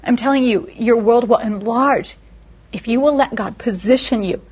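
Husky, animated woman telling stories. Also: fairly high pitch, normal speed. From Indiana, USA. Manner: animated, humorous storytelling. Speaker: guest. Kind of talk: testimony in a talk show interview.

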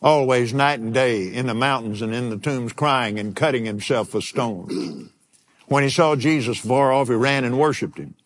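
An older man preaching a sermon, telling a personal story in an animated way and chuckling now and then. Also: mid-range voice, moderate pace.

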